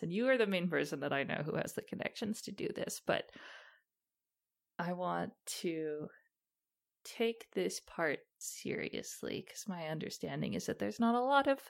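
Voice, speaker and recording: A woman's voice: on the low side, vocal fry. A woman playing her character in a tabletop game, talking in a rambling, hesitant way. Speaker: player. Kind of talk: tabletop role-play, in character.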